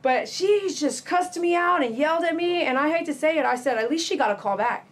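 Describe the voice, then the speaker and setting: A woman's voice: high voice, fairly quick. A woman, a dog groomer chatting casually to her live-stream viewers while she works in her grooming salon. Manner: chatty and animated, mimics callers loudly.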